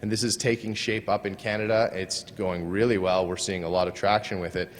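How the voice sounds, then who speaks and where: A man's voice: on the low side, fairly even intonation, a little fast. A man giving an earnest conference presentation, sometimes trailing off and restarting his sentences. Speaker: conference speaker. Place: conference hall. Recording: long hall reverb.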